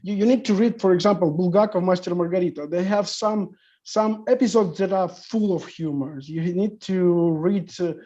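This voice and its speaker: A man speaking as a guest in a panel discussion, talking in halting non-native English with many fillers. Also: sits high, warm tone. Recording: muffled lo-fi audio.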